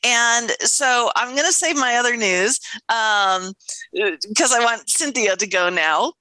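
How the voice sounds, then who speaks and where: A woman's voice: a little high, animated, slow pace, pushed and bright, clean tone, no echo. A middle-aged woman co-hosting a podcast in casual chat, telling stories animatedly, acting out quotes and swearing casually. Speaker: podcast co-host.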